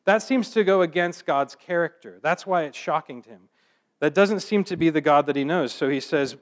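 Man, preacher, sermon, slightly high voice, reads scripture then explains casually. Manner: reads scripture slowly, then explains in relaxed conversational asides.

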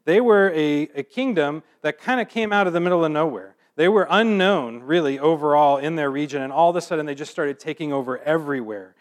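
A man with a slightly higher voice delivers a sermon. He reads scripture in a measured way, then shifts into easygoing, conversational explanation for his listeners. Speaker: preacher.

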